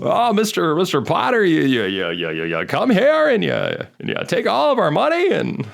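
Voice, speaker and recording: A man doing an impression of an earnest, stammering old-time film leading man, halting over his words. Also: high-pitched, wildly swooping pitch, gravelly, voice pushed up, full character voice. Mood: flustered.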